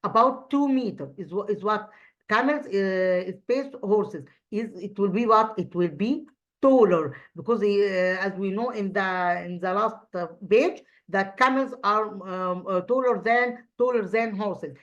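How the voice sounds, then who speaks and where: An Egyptian woman teaching English grammar over slides, her voice sitting at a middle pitch. She speaks English as a second language and often pauses with fillers and restarts her sentences. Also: dull audio. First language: Arabic. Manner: hesitant, many fillers and restarts. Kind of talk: recorded online grammar lesson.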